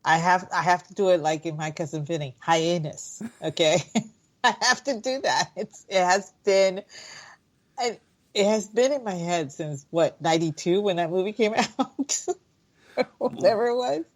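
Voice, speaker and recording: A woman's voice: fairly low pitch, normal speed. A woman co-hosting a radio talk show, chatting casually and laughing often. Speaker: podcast co-host. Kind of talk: casual chat.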